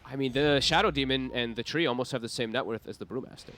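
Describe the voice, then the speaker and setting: Male esports caster, North American accent, rapid lively delivery, faint hiss behind. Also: mid-range voice. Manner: animated, fast play-by-play with quick reactions. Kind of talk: live esports commentary.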